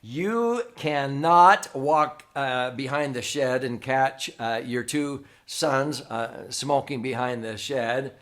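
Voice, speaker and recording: A man of middle pitch hosting a teaching monologue. He talks conversationally and keeps checking in with the listener with a quick "okay?" His voice sits right in the usual male range. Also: fairly bright tone. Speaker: host, financial educator.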